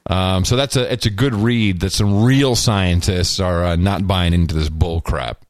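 Lower-voiced wisecracking male co-host. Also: fairly even intonation, normal speed, no room sound. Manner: wisecracking, rambling with fillers. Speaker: podcast co-host. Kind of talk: casual political chat.

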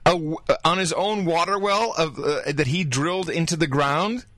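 A man hosting a casual talk show, animated and incredulous as he reacts. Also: fairly high pitch, moderate pace, dry recording, clean studio sound. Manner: incredulous, animated, fond of the word "wow". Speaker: podcast host.

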